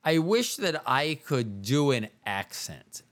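A man's voice: mid-range voice, big pitch swings, slow. A man hosting his own podcast alone, talking in a rambling, self-mocking way and drifting from one aside to the next. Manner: rambling, self-mocking, jumps between voices. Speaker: podcast host. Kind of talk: casual solo podcast monologue.

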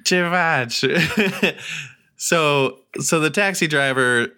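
Male podcast co-host, playful storyteller, bright tone, unhurried. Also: on the high side, clean tone. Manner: laughs often, playful made-up storytelling. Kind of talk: casual comedic riffing.

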